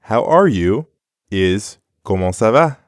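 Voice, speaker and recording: Lower-voiced man teaching in a dry studio. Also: animated, takes it slowly, no echo. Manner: clear, instructive, encouraging. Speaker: co-host of audio lessons. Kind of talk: scripted lesson narration.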